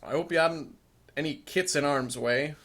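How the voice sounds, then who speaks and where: A man voicing a gruff old villager in a wobbly, made-up accent, reading game dialogue aloud. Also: a little high, moderate pace. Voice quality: loud, mangled mock accent.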